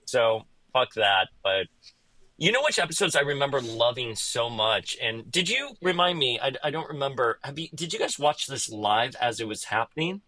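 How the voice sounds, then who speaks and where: A man co-hosting a podcast, chatting casually in an animated, jokey way with some swearing. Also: mid-range voice, moderate pace, no echo. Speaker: podcast co-host.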